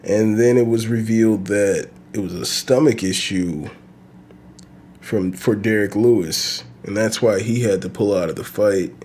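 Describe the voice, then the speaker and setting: A man with a fairly low voice hosts his own podcast and talks off the cuff. He rambles and swears freely. A faint hum sits behind him. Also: a little slow, a little mellow. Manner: loose, profane, rambling with laughs. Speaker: podcast host. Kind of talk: casual solo podcast rant.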